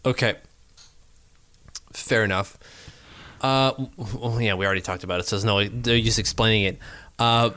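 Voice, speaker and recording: A man co-hosting a casual sports podcast, animated and quick to laugh, thinking out loud as he talks. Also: mid-range voice, dry recording. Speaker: podcast co-host.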